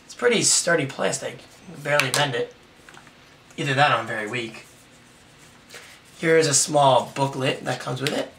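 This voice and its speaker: A young man with a hoarse, raspy voice, excitedly rambling through a casual unboxing vlog. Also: mid-range voice, moderate pace, pauses often, distant mic. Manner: excited, rambling, self-deprecating. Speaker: tech vlogger.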